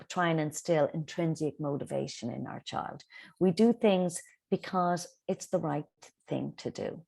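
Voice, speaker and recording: Woman, Montessori teacher, low voice, slight fry, calm explanatory talk, many ums, video call. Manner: calm, explanatory, with frequent ums and quoted child dialogue. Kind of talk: online parenting talk.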